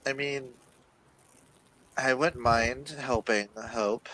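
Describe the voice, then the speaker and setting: A man co-hosting a live chat show in a casual way, laughing loudly in high bursts. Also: steady tone, very slow, rough recording. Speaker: livestream co-host.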